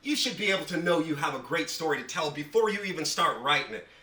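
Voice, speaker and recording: Emphatic male writing instructor, higher voice, casual class talk, echoey room mic. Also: expressive, fast, bright, forceful tone, far from the mic. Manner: emphatic, repeats words for stress.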